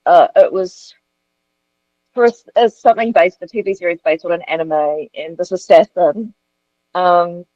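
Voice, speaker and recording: A woman's voice: fairly low pitch, a little slow, mellow, dry recording, highs cut off. A woman actor telling frankly about her auditions in an interview. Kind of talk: candid interview storytelling.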